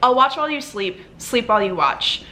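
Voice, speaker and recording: A witty, cocky young rogue thief boasting of his skills, read aloud by a woman. The delivery is plain and unaccented, and the voice stays bright and expressive as it rises and falls. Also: on the high side, brisk. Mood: sly.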